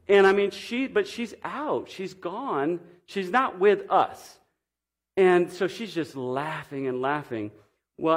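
A middle-aged man giving a sermon, telling a personal story earnestly and swinging between emphatic and hushed delivery. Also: a little high. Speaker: pastor.

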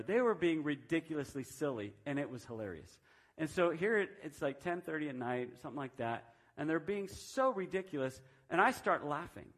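Fifties man telling a sermon story, higher voice. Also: fairly bright tone. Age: 50s. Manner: conversational storytelling with frequent restarts; self-described reserved personality. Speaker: preacher. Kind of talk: sermon testimony.

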